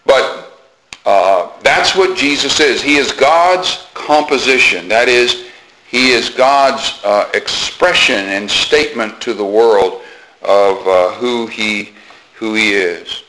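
A man preaching a sermon, teaching earnestly and deliberately, repeating phrases for emphasis with occasional fillers. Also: lowish voice, noisy background.

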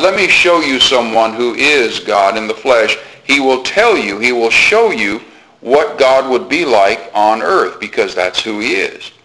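A man preaching a sermon, teaching earnestly and deliberately, repeating phrases for emphasis with occasional fillers. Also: medium pitch, bright, forceful tone, a little hiss or hum, rough recording.

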